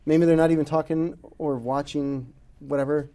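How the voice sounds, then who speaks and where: A man's voice: a little high, level tone, moderate pace, mellow. A middle-aged man hosting a podcast, telling stories in casual chat and laughing often. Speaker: podcast host.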